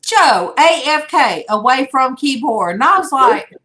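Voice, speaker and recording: Slow-talking older woman livestream host. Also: high-pitched, big pitch swings, bright, forceful tone. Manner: chatty, rambling, greets viewers by name. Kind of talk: casual livestream chat.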